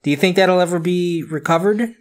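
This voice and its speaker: A man's voice: high-pitched, a little fast. Joking man co-hosting a podcast. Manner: laughs often, loose and joking. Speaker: podcast co-host. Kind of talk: casual chat.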